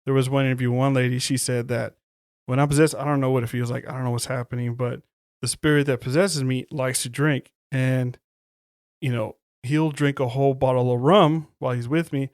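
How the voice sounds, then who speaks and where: A man's voice: medium pitch, steady tone, darkish tone, no echo, studio quality. A man co-hosting a podcast, recapping a film in loose, profane casual chat. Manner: loose, profane movie recap with quick quoted voices. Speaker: podcast co-host.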